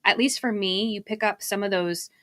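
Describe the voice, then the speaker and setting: A woman's voice: mid-range voice, moderate pace, a bit bright, no room sound, studio quality. A woman from Arizona co-hosting a marketing livestream, chatty and laughing as she drifts into tangents. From Arizona, USA. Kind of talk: casual live-stream chat.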